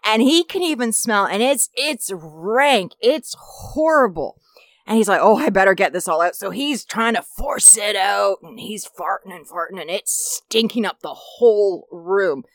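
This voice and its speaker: A woman's voice: mid-range voice, unhurried, dry recording. A woman co-hosting a podcast, telling a funny story in casual chat and acting out the characters as she narrates. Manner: animated narrator, acts out voices in her jokes. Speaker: podcast co-host.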